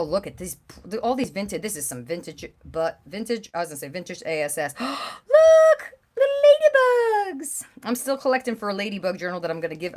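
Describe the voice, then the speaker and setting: Chatty, gushing woman hosting a craft livestream. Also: deep voice. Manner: chatty, gushing, bursts of excited exclamations. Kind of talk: casual chat while showing craft pieces.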